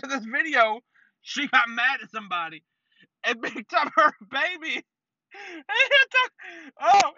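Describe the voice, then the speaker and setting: A man's voice: very high voice, pushed and bright, dry recording. A man telling a comedic rant full of swearing, rambling with lots of "like". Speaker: comedic storyteller. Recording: dull, dry lo-fi sound.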